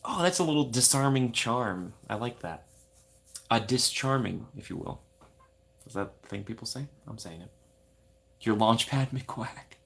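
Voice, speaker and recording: A man's voice: medium pitch, lively intonation, a little slow, vocal fry, long pauses, fairly bright tone. A young man hosting a casual live stream from home, reading chat aloud and joking at his own expense. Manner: playful, self-mocking, reads chat aloud.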